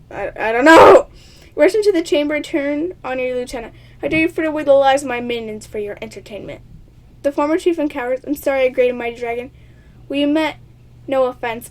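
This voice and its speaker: A woman's voice: sits high, darkish tone. A woman reading a choice-based text game aloud, stumbling over words and giggling through playful asides to her viewers. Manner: stumbles over words, often tongue-tied. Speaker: player of a text adventure game.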